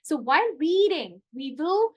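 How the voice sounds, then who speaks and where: A woman's voice: high voice, big pitch swings, unhurried, lo-fi sound. A young adult woman tutor giving a live online English lesson, chatty and explanatory with many asides.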